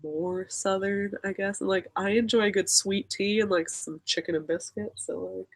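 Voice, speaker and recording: A woman's voice: medium pitch, steady tone, moderate pace. A young woman from Maryland chatting casually with a friend, rambling and filling her talk with "like". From Maryland, USA. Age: young adult. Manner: chatty, rambling, fills speech with "like", laughs often. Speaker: guest friend. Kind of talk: casual chat. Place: home in Pennsylvania.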